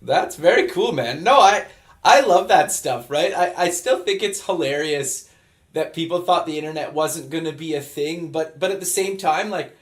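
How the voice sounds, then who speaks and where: A man's voice: fairly high pitch, expressive, normal speed. Easygoing male podcast host. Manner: easygoing, affirming, laughs along. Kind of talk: casual interview chat.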